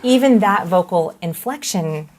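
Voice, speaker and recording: A woman's voice: mid-range voice, measured pace. A woman, a behavioral expert, explaining as an interview guest and acting out short examples along the way. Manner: lively, explains with acted-out examples.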